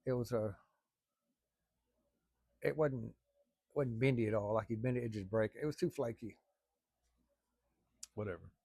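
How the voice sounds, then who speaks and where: A middle-aged man spins a rambling family yarn, peppering it with salty words. His voice is gravelly with a bit of fry, and it sounds close and dry, with no room behind it. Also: mid-range voice, a little slow, pauses often, mellow, dry recording. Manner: rambling, folksy, salty language. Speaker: storyteller. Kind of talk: casual spoken storytelling.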